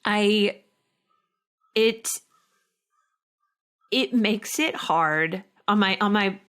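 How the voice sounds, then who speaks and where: A middle-aged actress talking slowly and reflectively as a podcast guest, with halting restarts. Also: female voice, medium pitch, expressive, fairly bright tone. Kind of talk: emotional interview conversation.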